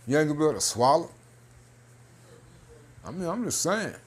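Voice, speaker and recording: Animated man doing casual news commentary. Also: a little high, fairly quick, husky. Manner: loose and animated, peppered with 'man' and 'hey'; half-joking, laughing between points. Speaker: religious video commentator.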